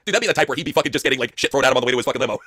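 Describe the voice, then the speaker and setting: A man's voice: medium pitch, lively intonation, sharp tone, a little hiss or hum. A young man hosting an improv comedy stream, reading viewer prompts aloud and laughing. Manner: rapid, profane, laughing. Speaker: host.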